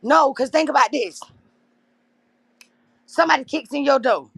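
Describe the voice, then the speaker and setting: Impassioned gravelly-voiced woman livestreaming. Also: high-pitched, moderate pace, fairly bright tone, dry recording. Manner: impassioned, addresses viewers as y'all. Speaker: livestream host. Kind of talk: emotional livestream talk to viewers.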